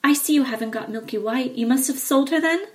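A woman's voice: high voice, brisk, far from the mic, voice pushed up, close to an everyday voice. A woman playing a scolding storybook mother. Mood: suspicious. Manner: scolding, sharp, loud. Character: stern poor mother, middle-aged, quick to anger.

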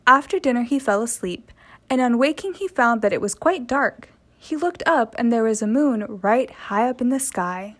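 Woman reading a children's story, gently. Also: fairly high pitch, animated, normal speed.

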